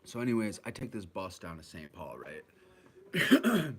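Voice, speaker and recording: Casual Midwestern man, lowish voice, rambling story, swears a lot, mimics people. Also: huge pitch swings, a little slow, a bit bright. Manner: rambling, profane, acts out voices of others. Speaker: vlogger recounting his addiction.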